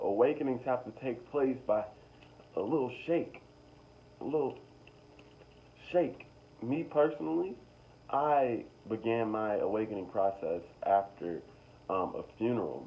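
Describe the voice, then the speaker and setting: A young man talking casually to his viewers about spiritual awakening, rambling and repeating himself, with slow emphatic stretches. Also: on the low side, dull audio, a little hiss or hum. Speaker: spiritual vlogger. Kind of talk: casual motivational monologue.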